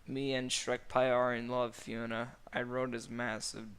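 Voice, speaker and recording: A man's voice: mid-range voice, level tone, measured pace, a bit bright, clean tone. A man voicing a brash, overexcited male donkey with boisterous, exaggerated delivery in a comic fan-fiction reading. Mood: declaring.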